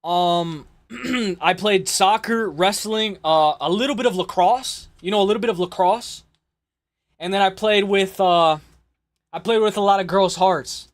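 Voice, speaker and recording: A man hosting a casual livestream, rambling and joking with profanity, congested and clearing his throat. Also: high voice, moderate pace. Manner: rambling, profane, jokey, reads chat aloud. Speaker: livestream host.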